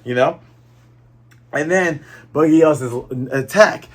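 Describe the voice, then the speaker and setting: A young man's fairly high voice leads a relaxed manga review, where he retells a chapter and performs the characters' lines in quick, playful voices.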